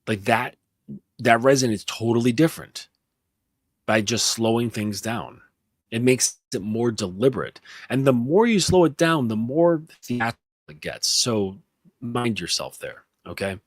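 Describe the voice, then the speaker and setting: A man coaching on a livestream, speaking slowly and deliberately with blunt, casual swearing. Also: fairly low pitch, animated, breathy edge, no room sound. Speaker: men's coach.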